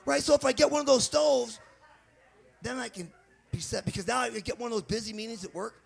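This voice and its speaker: A male stand-up comedian from Michigan, chatting with the crowd, laughing at his own jokes and jumping between bits with quick asides. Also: extremely high pitch, creaky.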